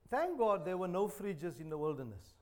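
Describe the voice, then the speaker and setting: A man's voice: sits high, big pitch swings, moderate pace. A man preaching a sermon, joking and chatty, repeating phrases. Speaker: pastor. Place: church.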